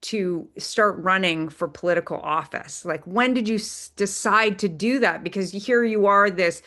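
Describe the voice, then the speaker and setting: A woman's voice: mid-range voice, moderate pace, a bit bright. A woman hosting an interview who asks her questions with enthusiastic, admiring remarks. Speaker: interview host.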